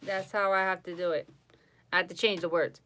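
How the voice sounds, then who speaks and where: A woman host casually chatting on a home live stream, animated and cooing baby talk to her dog at times. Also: on the low side, fairly quick.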